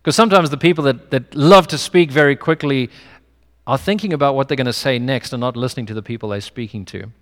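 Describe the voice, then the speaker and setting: A fast-talking pastor with a mid-range voice and a non-American English accent preaches in a conversational manner. Personal anecdotes run throughout, and the space gives the recording a long hall reverb.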